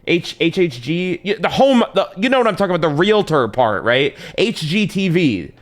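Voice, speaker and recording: A man's voice: fairly high pitch, big pitch swings, moderate pace. A young man streaming live, telling a long story in a rambling, profane, slang-heavy way.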